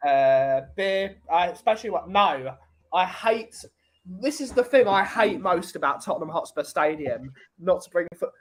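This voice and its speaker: A man hosting a laid-back podcast, telling rambling jokey stories. His voice sits a little high for a man. He talks in a loose, chatty way. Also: expressive, moderate pace. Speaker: podcast host. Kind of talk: casual chat.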